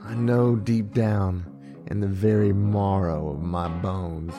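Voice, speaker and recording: A man's voice: low voice, fairly even intonation, slow, muffled recording, music in the background. A man voicing a defiant young ex-soldier, speaking with stubborn conviction. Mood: confiding. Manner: defiant, confiding.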